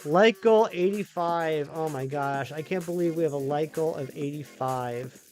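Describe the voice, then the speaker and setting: A man live-streaming a video game, chatting excitably with his viewers. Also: a little high, unhurried, soft background music. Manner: chatty, excitable, talks to chat. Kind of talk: live gaming stream chat.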